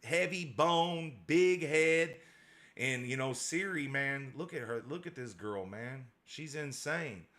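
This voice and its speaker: A man's voice: medium pitch, slow pace, a bit bright. A man hosting a casual livestream as a dog breeder, reading out viewer comments in a slangy, repetitive way.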